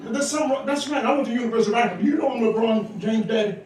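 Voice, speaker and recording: An older man from Georgia, with a fairly high voice, tells teasing jokes and chuckles at them. He is caught on a phone from deep in the audience of a large comedy club, his voice distant and echoing. A loud crowd laughs around him. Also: fast. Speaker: stand-up comedian. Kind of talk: live stand-up comedy. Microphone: phone camera from the audience.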